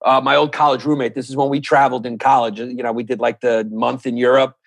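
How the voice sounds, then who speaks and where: A man's voice: mid-range voice, flat delivery, fast, vocal fry, no echo. A man who is a guest on a podcast, chatting casually and joking in profane mock rants. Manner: profane, mock-ranting jokes.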